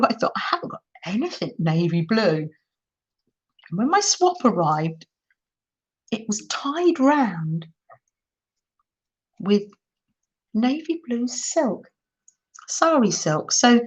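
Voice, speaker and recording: A woman's voice: on the high side, darkish tone. An older woman, gushing in a casual livestream chat while she shows crafts to viewers. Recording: dull lo-fi sound.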